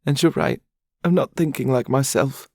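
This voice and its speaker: A man's voice: medium pitch, normal speed, vocal fry, darkish tone, no echo, clean studio sound, pitched above the performer's own voice. A man voicing a weepy young mother, crying and gulping through her words. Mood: teary, warming. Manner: gulping, sobbing, overwhelmed.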